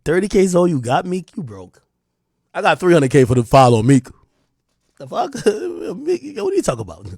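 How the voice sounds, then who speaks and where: A man with a New Jersey accent hosting a livestream, delivering a heated, taunting rant that swings between loud jabs and low mutters. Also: huge pitch swings, moderate pace, creaky, husky, dry recording, clean studio sound. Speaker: livestream host. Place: home streaming room.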